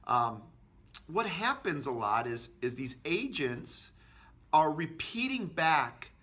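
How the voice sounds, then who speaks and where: A man's voice: fairly high pitch, very animated, slow pace, sharp tone, slightly rough. A man giving a sales training tip, talking energetically and acting out short agent and customer exchanges. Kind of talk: instructional talk to camera.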